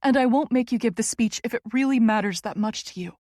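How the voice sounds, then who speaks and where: A woman's voice: on the high side, fast, a little mellow, dry recording, studio quality. Woman narrating a romance audiobook.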